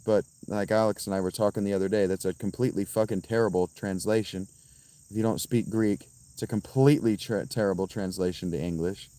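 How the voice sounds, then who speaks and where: A man's voice: lowish voice, dark tone, no room sound. Profane, combative man livestreaming outdoors. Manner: profane, combative, quick to anger. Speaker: livestreamer reading chat. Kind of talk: casual livestream chat. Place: outdoors by a fountain.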